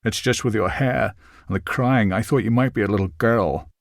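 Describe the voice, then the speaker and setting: A man's voice: on the low side, moderate pace, gravelly, dry recording. A man doing a terse, balding older film star. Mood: gruff comfort. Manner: curt, firm, dry humour. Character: terse older famous actor, tall and balding.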